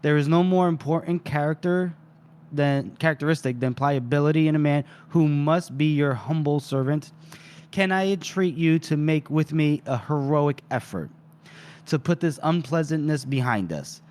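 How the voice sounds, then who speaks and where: A man's voice: a little high, moderate pace, darkish tone, close to an everyday voice. A man voicing a fussy, pompous male poisoner who speaks in overly formal, wheedling phrases. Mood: groveling.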